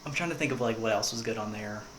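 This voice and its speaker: A man's voice: fairly low pitch, quick pace. A young man hosting a casual podcast chat, telling stories and acting out the quotes. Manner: animated storyteller, acts out quotes. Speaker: podcast host. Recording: echoey room with noise.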